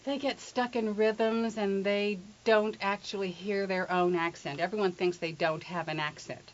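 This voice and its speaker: A woman's voice: medium pitch, fairly even intonation, measured pace. A middle-aged woman from England who works as an accent coach, explaining accents in an interview with playful spoken examples. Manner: playful, demonstrative, teasing. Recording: dull lo-fi recording.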